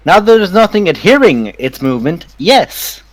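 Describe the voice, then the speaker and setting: A man running a tabletop game as game master, narrating in an animated, laughing way. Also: high voice, moderate pace, no room sound.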